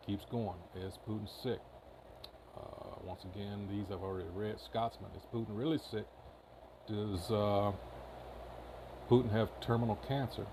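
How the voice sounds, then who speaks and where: A man's voice: fairly low pitch, gravelly, background noise. A man reading news headlines aloud in casual commentary, with many filler uhs and short asides. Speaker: commentary channel host.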